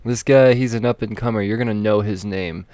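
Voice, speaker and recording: A man's voice: on the low side, a little fast, warm tone, dry recording. Chatty man hosting a podcast. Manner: chatty, laughing, lots of fillers. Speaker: podcast host. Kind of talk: casual podcast interview. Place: small studio room.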